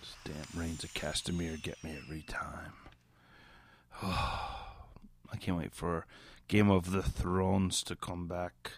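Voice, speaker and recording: A man's voice: low voice, a bit bright, no room sound, clean studio sound. A drunk man hosting a podcast, rambling and giggly, who keeps drifting into mock British slang. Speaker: podcast host. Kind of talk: casual rambling podcast chat.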